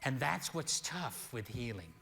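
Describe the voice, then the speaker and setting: An older male pastor tells a story in a slow, deliberate sermon voice that sometimes surges loud. His tone is bright and forward. The sound hangs in a long hall reverb. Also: mid-range voice, creaky, slight background noise. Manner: slow, animated storytelling with sudden loud peaks.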